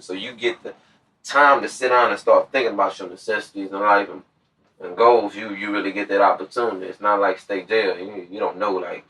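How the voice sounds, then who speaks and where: A man in his twenties casually telling a story about his past, animated and acting out what others said. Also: lowish voice. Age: 20s. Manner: animated storyteller who acts out quoted voices. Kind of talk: casual chat. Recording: distant from the mic.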